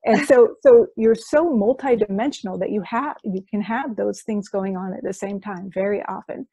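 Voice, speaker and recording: A woman, a hypnosis practitioner, explaining her work with enthusiasm in a conversational interview, often listing things in quick runs. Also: medium pitch, dark tone, breathy edge, no room sound, dull audio. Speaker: quantum healing hypnosis practitioner.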